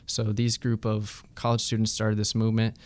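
A man's voice: fairly low pitch, monotone, moderate pace. A young man, a student activist, answering interview questions hesitantly with many ums. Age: young adult.

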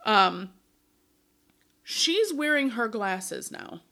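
A woman co-hosting a podcast, retelling a musical's plot in animated casual chat full of "like". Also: fairly high pitch, very slow. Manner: animated storyteller, lots of "like". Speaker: podcast co-host.

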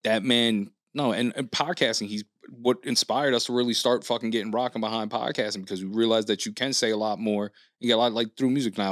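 A man telling a long story on a podcast, with plenty of swearing and fillers. He acts out the other people in the story as he goes. His voice sits at a middle pitch and the sound is dry and close. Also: no room sound. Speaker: podcast co-host. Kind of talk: casual storytelling chat.

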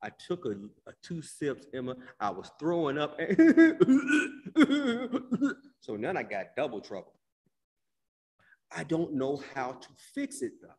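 A man preaching a sermon, swinging between hushed low lines and loud emphatic bursts, stretching and repeating his phrases and calling out to listeners by name. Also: animated, moderate pace. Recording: long hall reverb.

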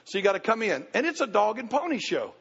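Man, middle-aged pastor, high gravelly voice, folksy sermon, dull echoey hall sound. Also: sing-song, fast talker, fairly bright tone. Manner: folksy, conversational preaching with frequent restarts.

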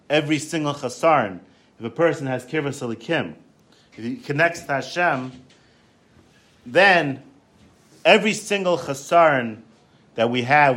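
A man giving a Torah lecture, telling stories in an animated way, often repeating words and restarting. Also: mid-range voice. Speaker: Torah class teacher.

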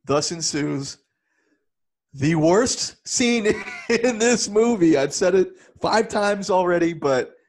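A man co-hosting a casual movie review chat, animated and often laughing as he talks. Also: high voice, slow. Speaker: podcast co-host.

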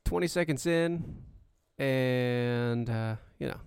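A man's voice: mid-range voice, takes it slowly, darkish tone, clear, resonant tone, no echo, clean studio sound. A man hosting a livestream, casually chatting with viewers and humming to himself while setting up. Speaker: livestream show host. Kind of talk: casual pre-show chat to viewers.

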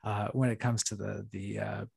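A male podcast host with a gravelly edge to his mid-range voice. He talks in a halting, searching way, full of pauses and fillers, as he works toward his question. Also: on the low side, little pitch movement, a little mellow. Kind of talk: casual interview.

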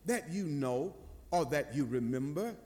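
An older man voicing a calm police officer gently coaxing a lost child, in a sermon story. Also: a little high, a little slow, big-room sound.

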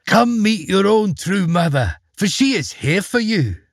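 A man's voice: fairly high pitch, huge pitch swings, normal speed, slightly rough, no echo, clean studio sound, pitched above the performer's own voice, exaggerated voice. A man voicing a cunning, murderous queen who speaks with false sweetness in a storybook reading. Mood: coaxing.

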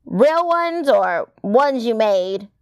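A woman voicing a prickly teenage girl with a gruff voice who answers in curt, blunt lines. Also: on the high side, animated, very slow, darkish tone, no echo, highs cut off. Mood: sullen.

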